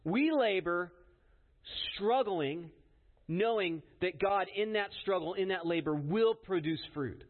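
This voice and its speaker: Man, preacher, high voice, earnest and emphatic, sermon, thin phone-like recording. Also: animated, slow pace. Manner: earnest, emphatic, often asks "right?". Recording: tinny phone-like sound.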